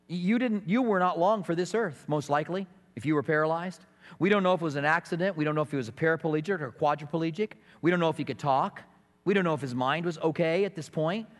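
A high-voiced man preaches from a pulpit, his words trailing off into the long reverb of a large hall. He tells stories animatedly and slips into other people's voices for emphasis. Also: a bit bright. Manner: storytelling with mimicked voices and emphatic bursts. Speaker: pastor. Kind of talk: sermon.

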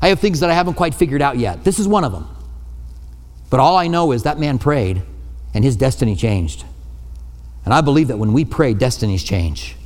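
Male pastor, mid-pitched, chatty pulpit sermon, big church reverb. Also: lively intonation, fairly quick, long pauses, a little mellow. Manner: conversational, self-deprecating asides. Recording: long hall reverb.

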